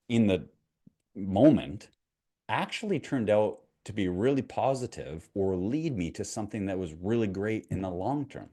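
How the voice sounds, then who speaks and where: A man's voice: lowish voice, dark tone. A middle-aged Canadian man, a mindset coach, telling a parable and personal story in a conversational, motivational way to camera. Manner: conversational, asks the viewer questions, retells a parable.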